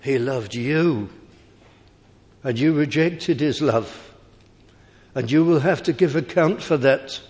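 Preacher, man, slow and deliberate sermon delivery, emphatic rises, long reverb of a big hall. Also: medium pitch, darkish tone.

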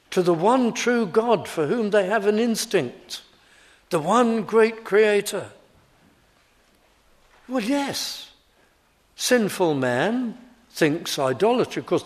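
Slow, lively-voiced male preacher. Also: a little high. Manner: emphatic, repeating key phrases for stress. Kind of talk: expository sermon.

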